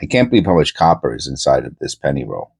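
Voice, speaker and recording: A middle-aged man with a New York accent softened toward Pennsylvania talk, chatting casually and meandering with many pauses while he searches coin rolls. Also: extremely low pitch, wildly swooping pitch, vocal fry, noisy background. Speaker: coin roll hunting host. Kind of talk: casual rambling chat while searching coins.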